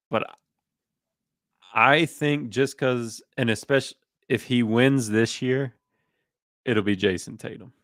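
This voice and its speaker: A man co-hosting a sports podcast, rambling in a relaxed way with lots of fillers and restarts. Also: mid-range voice, no echo. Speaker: podcast co-host. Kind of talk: casual sports chat.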